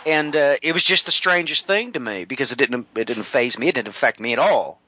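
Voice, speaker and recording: A middle-aged man, a home builder, telling a personal story in an interview, rambling with many drawn-out "uh" fillers. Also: medium pitch, animated, sharp tone, slightly rough, rough recording.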